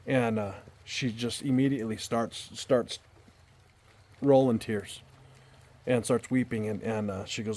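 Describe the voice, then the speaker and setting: A man's voice: medium pitch, fairly even intonation, unhurried, darkish tone. A man telling a personal story in a casual, earnest way, rambling and often repeating and restarting his words. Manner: earnest and heartfelt. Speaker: storyteller vlogger. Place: outdoors in a backyard at night.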